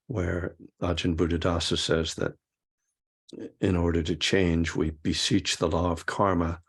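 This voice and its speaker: A man with a low, gravelly voice and a husky edge speaks to a meditation class. His teaching is loose and reflective, halting as he works his thoughts out aloud. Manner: halting and reflective, with frequent restarts. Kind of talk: casual dharma talk to a class.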